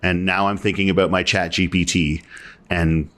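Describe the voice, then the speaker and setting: A man's voice: deep voice, little pitch movement, normal speed, fairly bright tone. A man as a guest on an interview show, talking reflectively and telling a story in a casual conversational way. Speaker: guest speaker.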